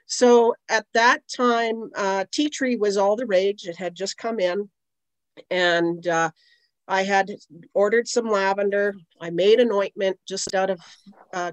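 A middle-aged woman from Canada, an aromatherapist, talks in a mid-range voice as an interview podcast guest, telling long, wandering stories with lots of "you know" asides. There's no echo, but the recording is rough.

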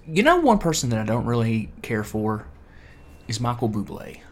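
A man's voice: medium pitch, very animated, moderate pace. A man hosting a podcast, chatting casually with a playful, teasing manner. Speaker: podcast host. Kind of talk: casual chat.

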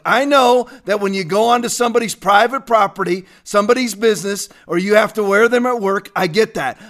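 A man with a high-pitched voice hosts a livestream, speaking with fervor and heat. He greets his viewers by name in between emphatic points. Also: fairly bright tone. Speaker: livestream host. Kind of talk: religious political livestream talk.

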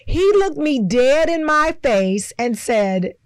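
Woman cohost chatting over mimosas, candid storyteller, kinda high voice, dry sound. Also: animated, takes it slowly, few pauses, clear, resonant tone, no room sound. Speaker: co-host. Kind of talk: casual chat over drinks.

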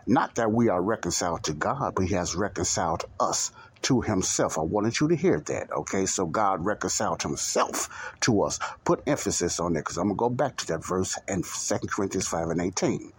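A man's voice: sits low, animated, brisk, few pauses, breathy edge. A man hosting a bible teaching podcast, talking emphatically, repeating points and asking the listener rhetorical questions. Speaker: podcast preacher.

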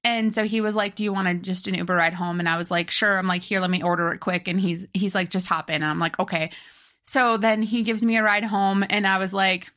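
Bright, animated young woman storyteller. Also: medium pitch, a little fast. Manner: animated, laughing, acts out quotes loudly. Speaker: podcast co-host. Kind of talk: casual storytelling chat.

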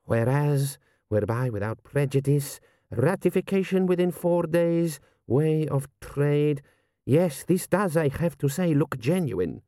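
A shrewd, deliberate general, as a male narrator puts him on, calm and carefully measured. The voice is mellow, with a lively pitch. It is a storybook reading with a close, dry sound. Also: dry recording.

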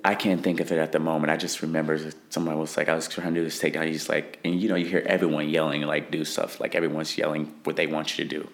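A young fighter talks through an interview answer in a very low voice with a gravelly, fry-heavy edge. He rambles, circling back and filling gaps with "like" and "you know." The feel is loose and conversational. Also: level tone, fast, hardly any pauses. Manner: rambling, many "like" fillers.

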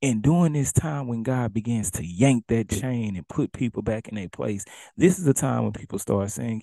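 Man, preacher, sermon, gravelly, dark tone. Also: medium pitch, normal speed, hardly any pauses, no room sound. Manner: preaches in casual dialect, acting out commands and swinging between loud and hushed.

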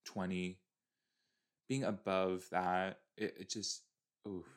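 A man's voice: deep voice, level tone, takes it slowly. A man in his early twenties chatting casually as he reacts to a TV episode, exasperated and talking back at the screen. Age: early 20s. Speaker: show reaction host.

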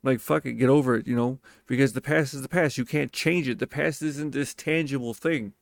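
Cursing freely, a man leans hard on his words as he spins a personal yarn in a loose, casual monologue, emphatic and animated. His voice is gravelly and mid-pitched, a little fast, captured close in a dry recording with no room sound.

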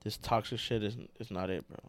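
A man's voice: lowish voice, fairly quick, no echo. Slangy man co-hosting a podcast. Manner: animated, slangy, says "bro" a lot. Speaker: podcast co-host. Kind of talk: casual podcast chat.

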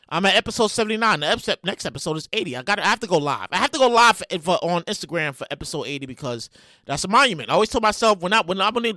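A man hosting a solo podcast in casual, profane commentary, often restarting and repeating phrases and breaking into loud reenactments. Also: extremely high pitch, no echo, studio quality. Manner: bursts into loud acted-out reenactments. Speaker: podcast host.

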